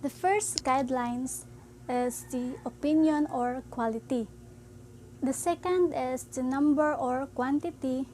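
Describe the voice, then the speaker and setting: A high-voiced woman teaching a grammar lesson at a slow, careful pace. She explains haltingly, pausing to start her points with "so" and an occasional "um". A faint hum sits under her voice. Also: fairly even intonation, mellow, rough recording.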